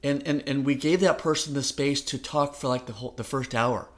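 A man's voice: mid-range voice, fairly even intonation, brisk. A middle-aged man co-hosting a podcast, talking in an earnest, encouraging way. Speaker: podcast co-host. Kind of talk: casual chat.

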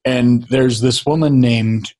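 A middle-aged man recounting a turning point in a relaxed interview. His voice is husky and a little breathy, and he slips into animated impressions of the people he quotes. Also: medium pitch, takes it slowly. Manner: animated storyteller, acts out quotes. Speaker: guest. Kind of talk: casual storytelling chat.

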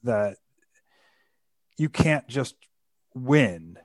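A man's voice: medium pitch, animated, extremely slow, no echo, studio quality. A man hosting a casual book discussion, thoughtful and hesitant, with many fillers and restarts. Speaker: podcast host.

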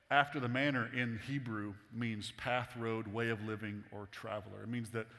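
A male pastor preaching in a relaxed, joking, conversational tone. His voice sits at an ordinary pitch and carries a long reverb from the church hall. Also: moderate pace. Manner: casual, humorous, conversational. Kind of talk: sermon.

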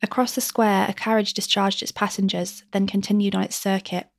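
Gravelly woman reading a story aloud. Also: mid-range voice, level tone, no echo, studio quality. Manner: measured, gentle first-person storytelling. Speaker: author reading her novel. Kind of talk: audiobook narration.

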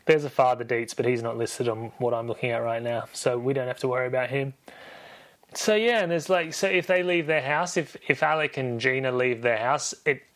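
Man, podcast host, casual film recap, rambling, self-correcting, jokey, mid-pitched voice. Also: a little fast, fairly bright tone.

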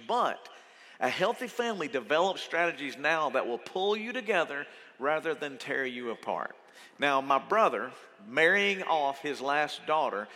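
Pastor guy preaching, bright punchy voice, echo of a big church hall. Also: a little high. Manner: conversational, animated storytelling. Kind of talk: sermon. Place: church auditorium. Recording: reverberant hall.

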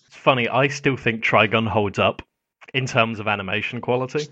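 A man co-hosting a podcast with a bright, forward voice. He chats enthusiastically with a wry sense of humor. The recording is dull and lo-fi. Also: fairly low pitch, moderate pace, no room sound. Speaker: podcast co-host. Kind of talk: casual chat.

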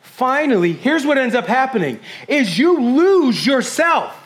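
A middle-aged man preaching a sermon as pastor, fast and intense, swinging from hushed whispers to loud bursts. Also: extremely high pitch, sing-song.

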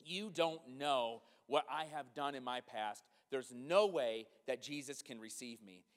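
A man voicing a troubled, agitated drinking man in a story told from the pulpit, in a low, heavy delivery with the echo of a large hall. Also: measured pace, natural voice. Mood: pleading.

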